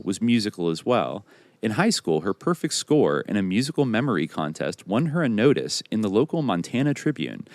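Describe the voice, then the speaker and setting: Male podcast host, very low voice, lively delivery, dry close sound. Reads biography passages aloud. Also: dry recording.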